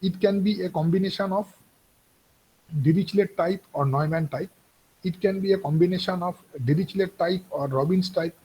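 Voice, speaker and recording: A man's voice: high-pitched, moderate pace, slightly rough, dull audio. A man giving a university engineering lecture, repeating points and checking in with "okay" often.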